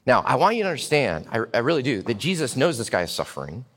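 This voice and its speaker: A man preaching a storytelling sermon in a church. He is animated and dramatic and swings from hushed to loud. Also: medium pitch, fast talker. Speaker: pastor. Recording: long hall reverb.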